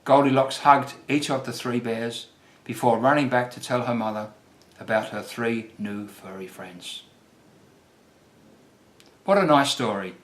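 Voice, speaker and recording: A man's voice: medium pitch, steady tone, moderate pace, fairly bright tone. Man reading a children's story. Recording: roomy echo.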